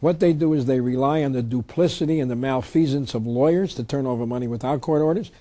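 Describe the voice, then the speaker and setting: A man's voice: mid-range voice, fast, warm tone. A man giving an emphatic public lecture on tax law, reading legal text aloud. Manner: emphatic, reads statutes aloud.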